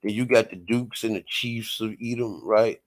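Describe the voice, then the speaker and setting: A man's voice: on the low side, steady tone, normal speed. A man hosting an online show, reading aloud and arguing heatedly, repeating "right?" and "people" as he pushes his point. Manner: emphatic, repeats "right?" and "people", rising to loud outbursts. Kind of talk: heated casual commentary reading from screen.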